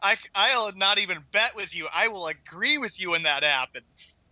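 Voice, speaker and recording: A man's voice: high-pitched, animated, moderate pace, sharp tone, no room sound. A man co-hosting sports talk radio, easygoing and agreeable, going along with the host. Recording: dull lo-fi line.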